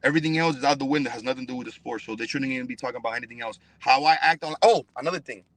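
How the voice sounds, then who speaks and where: A man's voice: medium pitch, very fast, a bit bright, dry recording. A man, a professional fighter guest on a podcast, talking heatedly in a blunt, profane, emphatic way. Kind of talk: heated interview talk.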